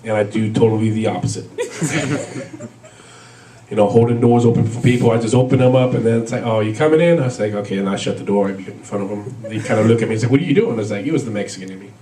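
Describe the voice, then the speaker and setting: A man's voice: fairly low pitch, fast talker, reverberant, recorded from a distance, a crowd in the background, poor audio. A man doing a stand-up comedy set, rambling through stories with lots of fillers and laughs at his own jokes. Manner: rambling, filler-heavy storytelling with frequent laughs.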